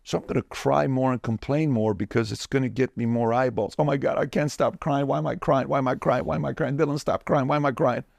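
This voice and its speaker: A man's voice: mid-range voice, a little fast, gravelly, hardly any pauses, dark tone, dry recording, studio quality, lightly acted. A man putting on the voice of a whining, self-pitying complainer in a mocking sing-song. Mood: whiny mocking. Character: whiny self-pitying adult male complainer.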